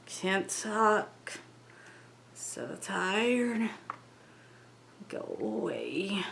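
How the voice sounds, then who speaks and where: A woman's voice: medium pitch, big pitch swings, drawn-out words, sharp tone, a little hiss or hum, exaggerated voice. A woman voicing a distressed male spirit who speaks through a medium, crying out in frightened, broken pleas. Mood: exhausted. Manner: pleading, frightened, broken repeated cries. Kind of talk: dramatic story reading.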